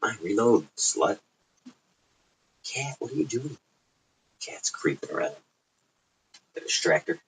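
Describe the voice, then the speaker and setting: A man's voice: fairly low pitch, sing-song, measured pace, long pauses, a little hiss or hum, rough recording. A man with a suburban Chicago accent hosting a casual late-night livestream from home, rambling and profane. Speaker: livestream host.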